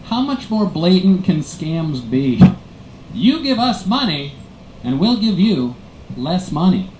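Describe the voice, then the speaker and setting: Man, stand-up comic, deadpan and self-mocking, lively pitch, noisy tram background. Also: takes it slowly. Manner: self-mocking, wraps up the show again and again. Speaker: stand-up comedian. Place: airport tram, indoors.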